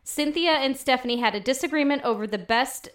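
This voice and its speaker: A woman co-hosting a casual podcast, chatty and quick to laugh, often trailing off mid-sentence. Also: high voice, a bit bright. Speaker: podcast co-host. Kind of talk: casual chat.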